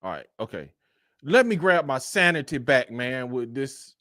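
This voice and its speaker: A man's voice: medium pitch, very animated, moderate pace, sharp tone. A man hosting a casual sports talk show, laughing and exasperated, with a sound and a lot of "all right, man.". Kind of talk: casual chat.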